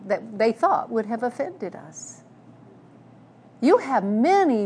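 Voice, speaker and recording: A woman's voice: fairly high pitch, a little mellow, a little hiss or hum. A woman preaching a sermon, telling personal stories in an earnest way with frequent restarts. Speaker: speaker.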